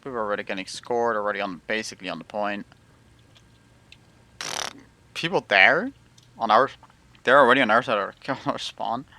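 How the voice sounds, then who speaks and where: A man's voice: fairly low pitch, moderate pace, long pauses, pushed and bright. A man streaming a tank game live, rambling through casual commentary and often breaking off mid-sentence. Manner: rambling, self-interrupting casual talk.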